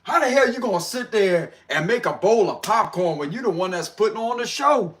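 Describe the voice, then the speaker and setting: A man's voice: sits high, animated, a little fast, fairly bright tone. A man doing a casual livestream tarot reading, slangy and laughing often as he talks to viewers. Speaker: tarot reader.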